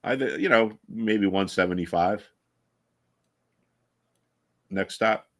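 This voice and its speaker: A man's voice: on the low side, takes it slowly, a bit bright. A man hosting a live trading stream, chatting casually and with strong opinions, full of restarts and fillers.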